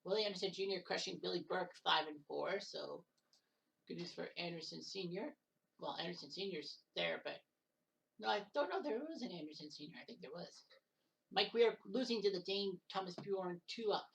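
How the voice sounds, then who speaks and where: With a fairly low, creaky, slightly bright voice, a woman speaks expressively at a moderate pace. She casually comments solo on a simulated golf match-play event's results, adding jokes, correcting mixed-up names, and cursing once in a while. The distant mic carries slight background noise.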